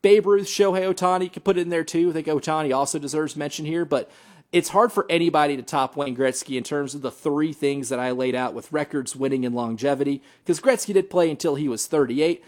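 A man with a slightly higher voice makes his case in a relaxed sports debate. He argues earnestly, stumbling over a word now and then and laughing lightly as he reasons aloud. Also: fairly quick.

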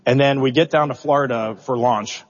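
A male mission commander speaks with open emotion and a talkative, self-deprecating warmth as he fields questions. His voice sits in a middle register. The audio is muffled and lo-fi, with a long reverb trailing off in a large hall. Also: mid-range voice, fairly even intonation, normal speed. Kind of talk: answering questions at a press event.

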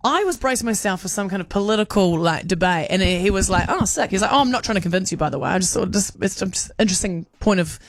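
A young woman, telling an animated story in casual chat and acting out the voices of the people in it. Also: mid-range voice, fast, few pauses, no room sound. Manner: animated, acts out quoted voices. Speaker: podcast co-host.

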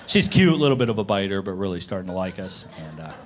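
A man's voice: deep voice, quick pace, background noise. A man doing stand-up comedy, telling family stories and acting out their voices. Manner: storytelling with lively acted-out voices.

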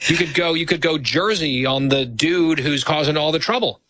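A man hosting a radio talk show, teasing his co-host in casual banter with dry, deadpan ribbing. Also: fairly high pitch, normal speed.

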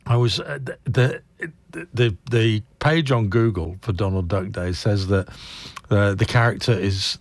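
A man's voice: lowish voice, no echo. A man hosting a radio breakfast show, chatting casually and rambling in a self-deprecating way. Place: radio studio. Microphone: close studio mic.

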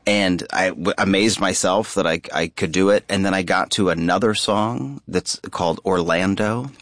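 A man with a very low, deep speaking voice tells stage anecdotes as an interview guest. He talks in an animated, chatty way, breaking off and restarting his sentences. The sound is close and dry with no room around it. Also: normal speed, no echo. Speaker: Broadway actor, guest. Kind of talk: conversational interview storytelling.

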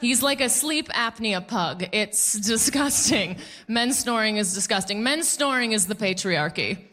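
Bright, animated woman doing stand-up. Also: fairly high pitch, measured pace. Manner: animated, playful storytelling with mock voices. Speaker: stand-up comedian. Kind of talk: stand-up comedy set. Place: comedy club stage.

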